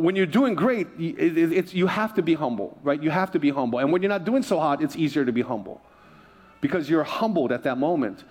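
A man's voice: a little high, darkish tone, in a large hall. Humorous, chatty male pastor preaching. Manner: conversational and humorous, with asides to the congregation. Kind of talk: sermon.

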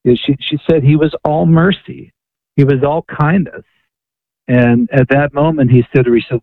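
A man's voice: fairly high pitch, steady tone, normal speed, dry recording. A man, a guest author, telling a story on a radio interview, often repeating and restarting words. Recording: tinny phone line.

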